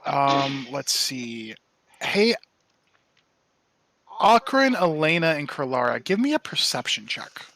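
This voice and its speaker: A man's voice: medium pitch, big pitch swings, slow pace, long pauses, sharp tone. A man running a tabletop game as game master, narrating casually with a rambling, apologetic manner.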